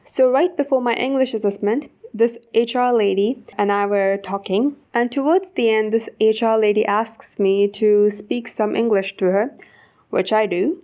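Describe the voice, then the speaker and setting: A woman with an Indian accent telling a casual storytime, animated and swearing often. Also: on the high side, moderate pace. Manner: animated, swears often, rising to indignant outbursts. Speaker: vlogger.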